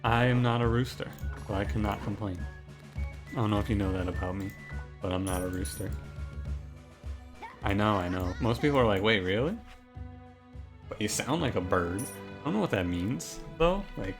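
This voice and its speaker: A man's voice: fairly low pitch, animated, normal speed, pauses often. A man giving casual gameplay commentary, rambling and joking as he often cuts himself off mid-sentence. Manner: rambling, jokey, self-interrupting. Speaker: gaming commentator. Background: background music.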